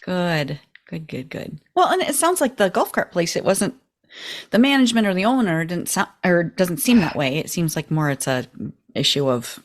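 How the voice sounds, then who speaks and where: A woman's voice: fairly low pitch, sing-song, moderate pace. A woman hosting a casual interview podcast, answering with frequent laughs and affirmations. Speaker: podcast host.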